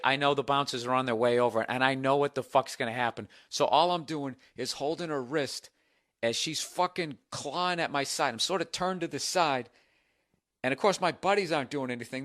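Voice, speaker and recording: A man hosting a podcast, telling a story in a comedic monologue, profane and animated as he rants. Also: on the high side. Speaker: podcast host.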